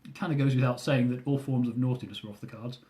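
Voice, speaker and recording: Young guy reading his own travel book, dry jokey delivery, warm mellow voice. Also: mid-range voice, fairly even intonation, fast talker. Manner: dry, self-mocking humour. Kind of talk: reading aloud from a travel memoir.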